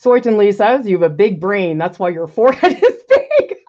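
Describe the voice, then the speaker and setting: A woman's voice: mid-range voice, very animated, normal speed, few pauses, mellow. A woman art professor painting live, thinking aloud casually and critiquing her own work, laughing often as she answers viewer questions. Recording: slightly dull lo-fi sound.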